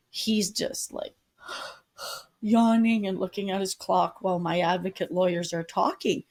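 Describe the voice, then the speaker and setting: A woman's voice: on the low side, unhurried. A middle-aged woman, a podcast guest, earnestly telling a personal story and acting out the people she quotes. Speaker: podcast guest, public advocate. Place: retreat venue.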